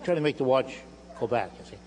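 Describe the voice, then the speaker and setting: Audience laughter and a faint hum fill the background of this live hall recording. An older man on a lecture hall stage lectures and does magic demonstrations, his medium-pitched, slightly mellow voice moving at a quick pace with lively intonation. He uses playful, self-mocking showman patter throughout.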